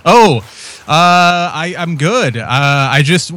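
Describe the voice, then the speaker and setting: A man's voice: a little high, big pitch swings, extremely slow, a bit bright, dry recording. A young man joining a casual podcast chat over a video call, wry and laughing easily. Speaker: guest calling in on a video call.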